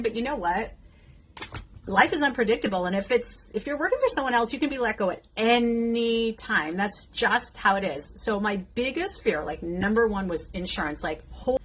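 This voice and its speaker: Breathy woman in her fifties vlogging. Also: medium pitch, a bit bright. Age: 50s. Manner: emotional, outrageous, addresses viewers directly. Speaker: beauty content creator. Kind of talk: casual vlog chat while doing makeup.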